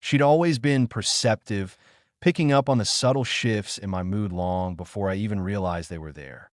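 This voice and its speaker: A man with a lowish voice reads a first-person story aloud. His delivery is smooth, even and unhurried, and the recording sounds close and dry. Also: no room sound.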